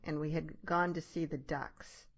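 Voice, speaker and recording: A woman's voice: deep voice, steady tone, a little slow, vocal fry. An older woman, a grandmother hosting an interview, telling stories in a chatty way and laughing often. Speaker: host. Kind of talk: conversational interview.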